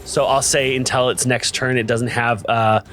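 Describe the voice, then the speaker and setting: A man running a tabletop game as game master, narrating combat with frequent laughs and halting fillers. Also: medium pitch, little pitch movement, a bit bright, a little hiss or hum.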